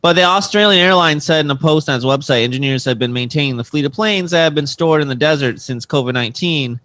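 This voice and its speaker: A man's voice: on the high side, fast talker, fairly bright tone, no room sound. A man co-hosting a comedy podcast, reading odd news stories aloud and joking with friends, laughing and tripping over words. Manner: jokey, laughs often, stumbles over words. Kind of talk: casual banter.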